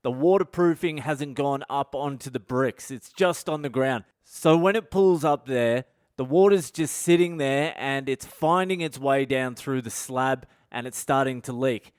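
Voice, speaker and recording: Australian man, comedian podcast host, brash sweary storytelling, smooth voice, dry close sound. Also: mid-range voice, measured pace, no room sound. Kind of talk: profane comedic storytelling monologue.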